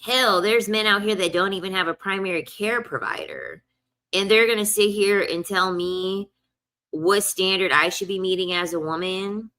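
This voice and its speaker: A woman's voice: mid-range voice, expressive, normal speed, sharp tone. A young woman telling a casual storytime rant, blunt and profane, repeating lines for emphasis. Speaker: vlogger.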